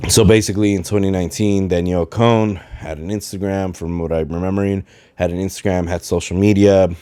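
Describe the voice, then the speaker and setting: A man's voice: low voice, fairly even intonation, fairly quick, warm tone, clear, resonant tone. A man hosting a podcast from home in casual, rambling talk, with a slight Spanish accent in his English and a habit of losing his train of thought. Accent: Spanish-influenced English, rolled R's. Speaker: podcast host. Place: at home, dishwasher running. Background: faint video game music.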